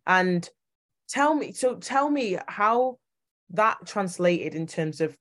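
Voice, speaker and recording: A woman hosts a podcast interview, drawing her guest out with questions and short affirmations. Her voice sits on the lower side. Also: lively intonation, slow, fairly bright tone. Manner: prompting, brief affirmations. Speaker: podcast host.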